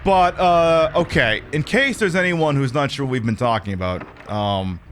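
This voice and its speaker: A man's voice: mid-range voice, moderate pace, a bit bright, slight background noise. A man streaming a horror game, chatting casually in a rambling, opinionated way with lots of fillers. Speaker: livestreamer. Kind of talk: casual gameplay commentary.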